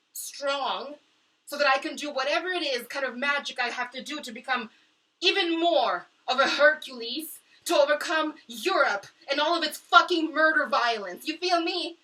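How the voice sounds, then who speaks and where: Young woman vlogger, distressed, profane, sharp high voice, mic a little far off. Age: young adult. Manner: impassioned and profane, swinging between low mutters and shouting. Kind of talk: emotional monologue to camera. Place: small apartment kitchenette.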